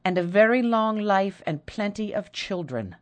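A woman's voice: mid-range voice, lively intonation, a little slow, voice pushed up, natural voice. A woman reading the part of a jealous, proud young woman who speaks passionately and bitterly.

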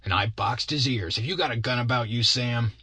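A man voicing a nervous grown kidnapper who talks in a slow, anxious drawl. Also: mid-range voice, bright, forceful tone, slightly rough, no room sound, voice pushed up.

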